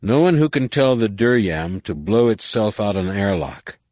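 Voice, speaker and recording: A man reading a stubborn, defiant young man in an audiobook, speaking tense and pleading, a little higher and louder than his narration. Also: animated, moderate pace, no echo, clean studio sound, lightly acted.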